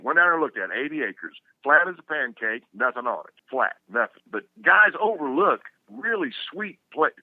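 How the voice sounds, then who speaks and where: A man's voice: mid-range voice, no echo. An older man, a guest telling a rambling, folksy story full of restarts. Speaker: guest, outdoor TV hunter. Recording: dry, tinny phone-like sound.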